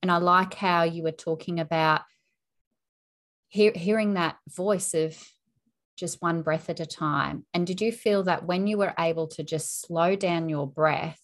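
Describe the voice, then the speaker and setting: Host, woman, lowish voice, gentle and thoughtful questioning. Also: steady tone, measured pace. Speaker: interviewer. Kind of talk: interview.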